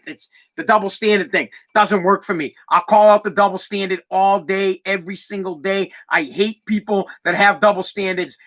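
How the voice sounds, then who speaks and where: A man's voice: high voice, a bit bright. A man hosting a podcast, ranting bluntly and combatively and repeating himself for emphasis. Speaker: podcast host. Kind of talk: opinionated podcast rant.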